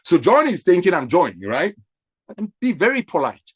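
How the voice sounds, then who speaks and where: A man's voice: high-pitched, wildly swooping pitch, fairly quick, breathy edge. A man coaching network marketing, acting out phone calls and repeating key phrases for emphasis. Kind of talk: coaching talk with role-played phone calls.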